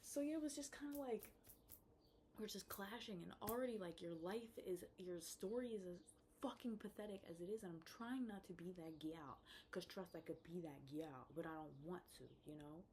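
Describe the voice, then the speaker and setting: A woman's voice: on the low side, moderate pace, dark tone, slight background noise. A young woman telling a storytime rant about dating in a casual vlog, blunt and profane, trailing off into mutters and then flaring into exasperated outbursts. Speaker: vlogger.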